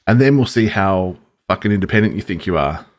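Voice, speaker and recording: A man's voice: deep voice, expressive, brisk. A man co-hosting a casual chat podcast, hesitant, repeating words as he riffs. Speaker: podcast co-host.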